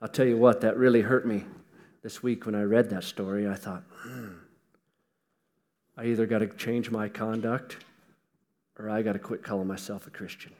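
A man preaching a sermon in a folksy, emphatic way, swinging between loud stresses and hushed asides, with touches of humor. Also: on the low side, steady tone, moderate pace, long pauses, big-room sound.

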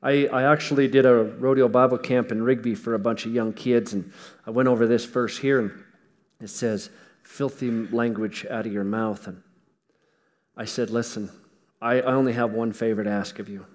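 A man preaching a sermon in a folksy, emphatic way, swinging between loud stresses and hushed asides, with touches of humor. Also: medium pitch, fairly even intonation, normal speed, long reverb tail.

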